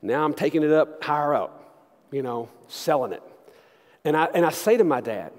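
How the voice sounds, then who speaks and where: A middle-aged pastor preaches in a large sanctuary. His delivery swings between loud, lively moments and hushed, intimate ones. Long reverb trails every phrase. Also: medium pitch, fast. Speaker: senior pastor. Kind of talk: sermon with personal storytelling.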